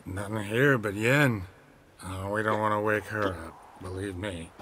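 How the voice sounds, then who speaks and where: An actor playing a weary, stoic male witcher who speaks in a dry, terse deadpan. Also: fairly low pitch, unhurried, slight background noise. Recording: game cutscene with music behind.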